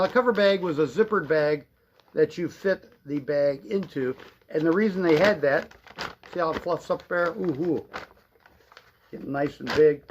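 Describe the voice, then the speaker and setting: A middle-aged man, a shop owner, giving a folksy, rambling product demonstration on a live stream. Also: a little high. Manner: folksy, rambling explanations with fillers. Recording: dull lo-fi livestream audio.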